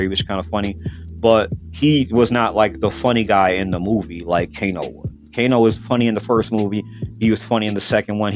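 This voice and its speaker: A man hosting a podcast, giving a blunt, profane, rambling movie review. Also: on the low side. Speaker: podcast host. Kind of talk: casual movie review rant.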